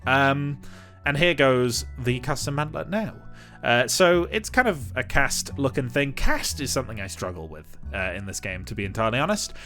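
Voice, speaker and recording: A man's voice: medium pitch, fairly bright tone. A man giving casual, rambling commentary over his own game build, chuckling often and poking fun at himself. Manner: chuckling, rambling, self-deprecating.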